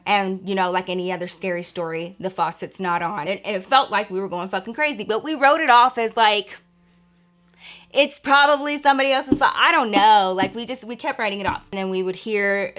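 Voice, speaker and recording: A young woman vlogger telling a ghost story to her viewers in casual, animated chat, swearing freely and calling them y'all and girl. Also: mid-range voice.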